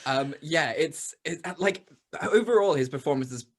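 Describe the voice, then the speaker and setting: A podcast co-host chatting casually about a film, in a relaxed, rambling way with loose, meandering sentences. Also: mid-range voice, moderate pace. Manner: relaxed and rambling, many fillers and restarts. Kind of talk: casual movie review chat.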